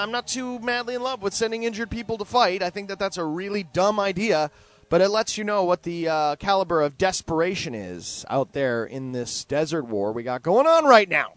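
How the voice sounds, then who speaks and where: A man hosting his own show, reading out news stories and commenting on them, animated and sardonic, swinging between loud outbursts and muttered asides. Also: high-pitched, moderate pace, no room sound. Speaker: podcast host.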